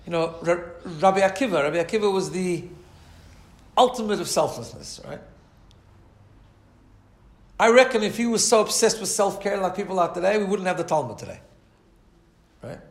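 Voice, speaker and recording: A man's voice: high-pitched, animated, moderate pace, pauses often, echoey room. A man teaching a Torah class in a conversational way, often asking "right?" and acting out the voices in his stories. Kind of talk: Torah lecture.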